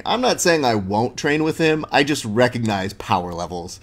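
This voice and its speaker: A man's voice: medium pitch, big pitch swings, moderate pace. A young man hosting a podcast in a laid-back, slangy chat, full of "dude" and storytelling. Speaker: podcast host. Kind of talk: casual interview chat.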